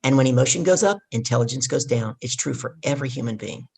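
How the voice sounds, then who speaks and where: Woman, gravelly voice, husky tone, business coach telling animated stories on a podcast. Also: rumbling low, fast talker. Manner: animated storyteller who acts out dialogue. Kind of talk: storytelling interview.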